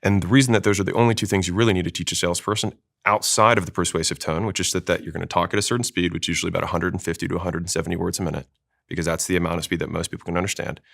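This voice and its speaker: A man explaining sales technique in a panel discussion, talking fast and emphatically. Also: low voice, steady tone, vocal fry, fairly bright tone. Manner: fast, emphatic teaching delivery. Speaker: sales expert guest.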